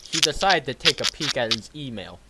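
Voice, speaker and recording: A young man reading a story and commenting on it in a wry, lively way. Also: medium pitch, fairly quick, heavy background noise. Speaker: reader and editor.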